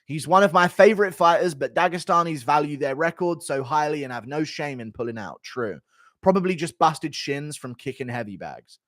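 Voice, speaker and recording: Male streamer, 25, blunt and offhand, bouncy pitch, dry close sound. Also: lively intonation, moderate pace, fairly bright tone, no echo. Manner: blunt, offhand, banters with chat. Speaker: livestream host. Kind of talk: casual livestream chat reading donations.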